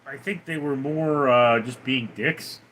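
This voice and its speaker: Speaking at a measured pace with a medium pitch and fairly bright tone, a livestream host reads viewer comments and fires back crude, teasing replies. There's slight background noise.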